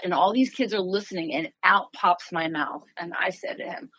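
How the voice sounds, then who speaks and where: A woman's voice: mid-range voice, a little fast, few pauses, no echo, poor audio. A woman in her sixties, a martial arts master, telling stories as a guest in an interview and acting out other people's lines. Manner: lively, acts out other people's lines in quoted voices. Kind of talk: storytelling in a conversational interview.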